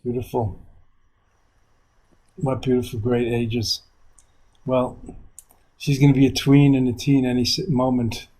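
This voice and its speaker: A man's voice: mid-range voice, flat delivery, a little slow, pauses often, mellow, rough recording. An older man from New York, a meditation teacher, talking in a rambling, reflective way in an interview over a video call. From New York, USA. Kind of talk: reflective conversation.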